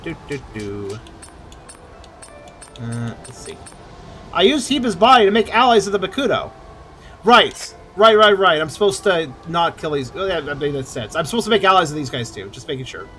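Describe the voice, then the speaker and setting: A man's voice: fairly high pitch, very animated, normal speed, over music. A man giving casual, chatty let's-play commentary, swearing and joking as he plays. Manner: chatty, swears, laughs easily. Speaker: gamer.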